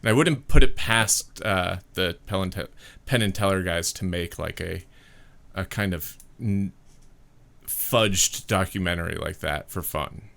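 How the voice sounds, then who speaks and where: A man with a low, gravelly voice, rambling through casual livestream banter. He hesitates and restarts as he builds toward a joke. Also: measured pace, a bit bright. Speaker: comedy troupe member co-hosting a stream. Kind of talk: casual chat.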